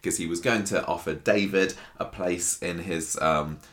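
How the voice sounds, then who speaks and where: British man, very deep voice, casual rambling podcast chat. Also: unhurried, fairly bright tone. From United Kingdom. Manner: chatty, rambling with restarts and jokes. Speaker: podcast co-host.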